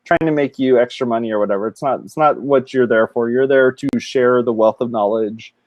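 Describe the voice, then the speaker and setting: A middle-aged man from California co-hosting a casual chat over a video call, animated and laughing often. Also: medium pitch, fairly quick, no echo. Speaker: co-host.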